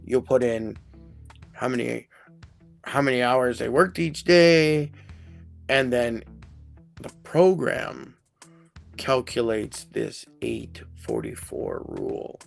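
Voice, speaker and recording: A man's voice: medium pitch, big pitch swings, takes it slowly, creaky, long pauses, soft background music. A man hosting a casual live stream about workplace rules, talking in a rambling, chatty way and often correcting himself. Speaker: HR consultant host.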